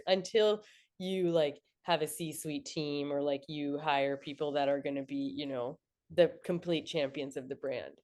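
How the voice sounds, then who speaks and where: Low-voiced young woman, reflective. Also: a little mellow. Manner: reflective, frequent "like" fillers. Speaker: entrepreneur guest. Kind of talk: casual podcast interview.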